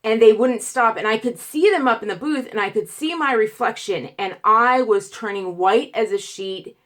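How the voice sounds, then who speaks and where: A woman vlogger telling a story in a casual, animated way, acting out quotes, stuttering and restarting as she goes. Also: fairly high pitch, normal speed. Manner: animated, acts out quotes, grows loud and emotional.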